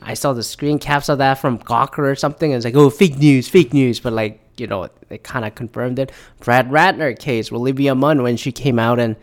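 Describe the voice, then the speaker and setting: A man's voice: mid-range voice, fairly quick, hardly any pauses. A man in his thirties giving profane, sarcastic commentary, reading news statements aloud and reacting to them. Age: 30s. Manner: sarcastic, swears a lot.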